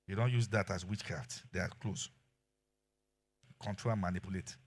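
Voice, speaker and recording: A middle-aged man with a Nigerian accent preaching a sermon as pastor, telling animated stories and acting out quotes. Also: low voice, normal speed, breathy edge. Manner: animated storytelling with acted quotes and laughter.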